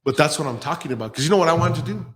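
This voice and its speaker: A man's voice: fairly high pitch, animated, rapid-fire, a crowd in the background. A man hosting a podcast in a casual, profane style, telling blunt stories and acting out the people he quotes. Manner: blunt storyteller who acts out quoted people. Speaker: podcast host.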